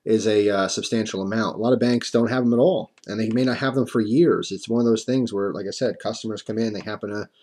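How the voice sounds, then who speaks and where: A man's voice: on the low side, fast, hardly any pauses, a little mellow. Chatty, rambling man telling a story. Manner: rambling, chatty, many fillers and restarts; wry self-mocking humor. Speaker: coin-collecting vlogger. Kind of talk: casual storytime monologue.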